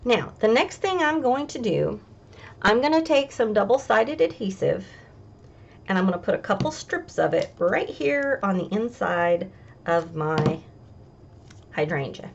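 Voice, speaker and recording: A woman hosts a casual craft demonstration, explaining each step in a chatty, homey way. Her voice has a gravelly rasp at a middle pitch. The recording sounds a bit dull and lo-fi. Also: big pitch swings, unhurried. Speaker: craft tutorial host.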